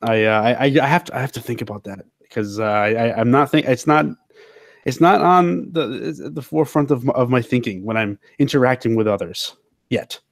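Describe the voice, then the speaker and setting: A man's voice: mid-range voice, fairly quick, dry recording. Eager stammering male player, dry. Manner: eager, stammering, repeats words. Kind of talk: casual tabletop role-play.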